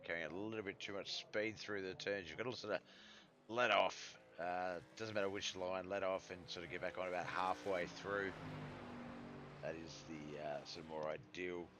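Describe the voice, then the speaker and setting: An Australian man commentating a live sim truck race in a relaxed, rambling way, with lots of fillers and self-corrections, his voice starting to go. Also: sits low, normal speed, noisy background.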